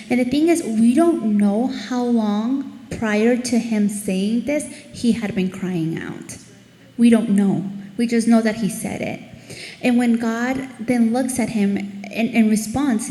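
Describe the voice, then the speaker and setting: A woman giving an earnest devotional Bible teaching, growing animated as she reads scripture aloud. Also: medium pitch, measured pace. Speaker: ministry speaker. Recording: echoey room with long reverb.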